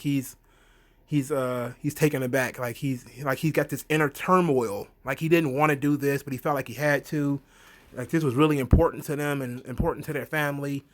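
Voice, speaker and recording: A man recapping a wrestling event in a casual monologue, acting out quotes and laughing often. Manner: animated storyteller, acts out quotes in high voices; frequent fillers, laughs often. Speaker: wrestling reviewer.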